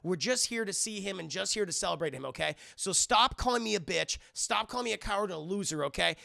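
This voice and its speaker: A man's voice: high voice, lively intonation, quick pace, vocal fry, sharp tone, dry recording, studio quality, full character voice. A man voicing a defensive father who is pleading to be left alone. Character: angry young man confronting his rival.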